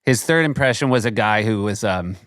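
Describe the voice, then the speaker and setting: A man's voice: on the low side, animated, fairly quick, a bit bright, clear, resonant tone, no echo, studio quality. A middle-aged man co-hosting a podcast, chatting casually and telling wry, joking stories. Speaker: podcast co-host. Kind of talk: casual chat.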